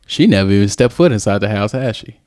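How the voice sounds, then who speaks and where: A man's voice: animated, darkish tone. Guy hosting a chill podcast, rambly, voice bouncing all over the place. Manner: loose, rambling, quick jumps in pitch when asking. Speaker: podcast host. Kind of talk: casual chat.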